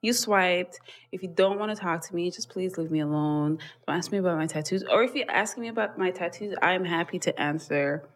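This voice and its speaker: A woman's voice: fairly low pitch, brisk. Young woman ranting animatedly in casual chat. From Canada. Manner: animated ranting storyteller who acts out quoted exchanges. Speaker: podcast co-host.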